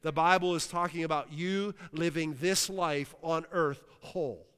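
A man's voice: fairly high pitch, measured pace, fairly bright tone, smooth. Preaching man in a reverberant hall. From Western Pennsylvania. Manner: exclaims hallelujah, asks the crowd. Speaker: pastor. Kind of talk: sermon.

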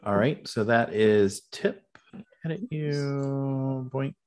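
A man's voice: mid-range voice, slow, darkish tone, clear, resonant tone. A man running a tabletop game as game master, explaining rules patiently with lots of fillers.

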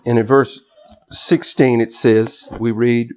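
A man preaching a sermon as pastor, swinging from loud shouted emphasis to quiet, low asides. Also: little pitch movement, slow pace.

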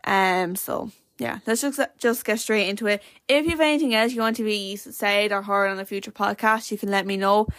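A woman's voice: mid-range voice, moderate pace, hardly any pauses, fairly bright tone, no echo. A teenage Irish girl hosting her own podcast, rambling chattily with lots of fillers. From Ireland. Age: teens. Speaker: podcast host. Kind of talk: casual solo podcast chat.

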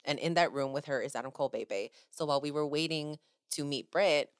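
A young woman podcast host, casually recounting a fan event with excited, gushing storytelling and acted-out quotes. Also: low voice, fairly quick, clean tone, dry recording, clean studio sound. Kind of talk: casual chat.

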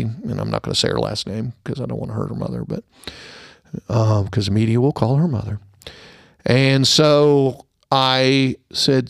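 A middle-aged man with a gravelly, rough-edged voice tells a personal story in an earnest way, his voice dropping to a hush at the sad moments. He hosts a podcast, and the sound is dry and close with no room echo. His pitch sits in a middle range for a man. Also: moderate pace. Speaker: podcast host. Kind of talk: personal story and holiday message.

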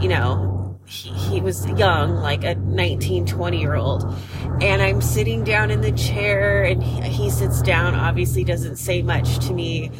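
A woman hosting a podcast, chatting casually about movies in a rambling way, with lots of fillers and restarts. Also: on the low side. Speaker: podcast host. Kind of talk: casual movie review chat.

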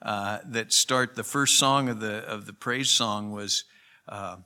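A man's voice: on the low side, steady tone, slow, bright, forceful tone, clean tone. A pastor preaching a sermon in an earnest, conversational way, with emphatic rises in his voice. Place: church.

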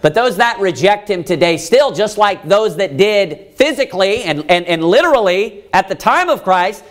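A man delivers a sermon in a high, lively voice that swings widely in pitch. He reads scripture aloud and keeps pressing his listeners with rhetorical questions. When he quotes the brothers pleading, he raises his voice. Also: normal speed. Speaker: preacher.

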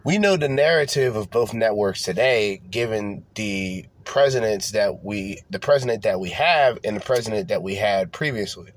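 A man's voice: on the low side, moderate pace, few pauses. A man hosting a podcast, ranting casually with lots of swearing, restarts and repeated phrases. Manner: animated, profane, rambling with repeated restarts. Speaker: podcast host. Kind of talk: casual profane rant.

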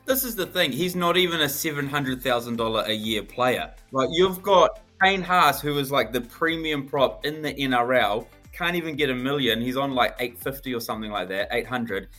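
A man's voice: mid-range voice, moderate pace, few pauses, sharp tone, soft background music. A man co-hosting a casual sports podcast, blunt and wryly sarcastic about his team. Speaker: podcast co-host.

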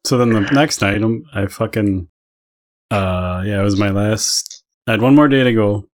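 A man's voice: fairly low pitch, normal speed. A tired man telling a rambling, profanity-laced story on a podcast, often laughing as he goes. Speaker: podcast co-host. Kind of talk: casual storytelling chat.

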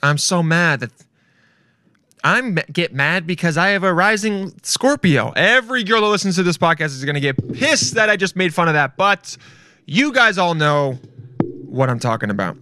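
A man hosting a solo podcast in casual chat, loud and excitable, rambling and swearing freely. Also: sits high, moderate pace, dry recording. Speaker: podcast host.

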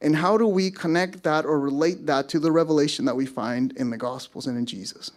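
A man's voice: a little high, brisk. A man preaching a sermon to his congregation, conversational, with self-deprecating asides. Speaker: pastor. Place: church service.

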